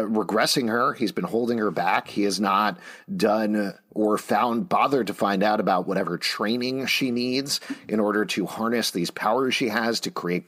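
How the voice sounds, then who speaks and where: A man's voice: on the low side, a bit bright. A man co-hosting a TV recap podcast, mixing wry asides with earnest analysis. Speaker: podcast co-host. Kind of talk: casual TV recap chat.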